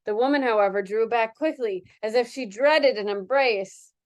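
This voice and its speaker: A woman's voice: a little high, moderate pace, dull audio. A woman reading a novel aloud, giggling and stopping now and then to comment on her own reading. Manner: laughs often, breaks off to comment. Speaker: reader.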